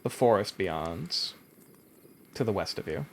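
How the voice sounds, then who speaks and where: Slow, lively-pitched male game master. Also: gravelly, a little hiss or hum. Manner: slow, hesitant narration with pauses. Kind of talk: narrating a tabletop game.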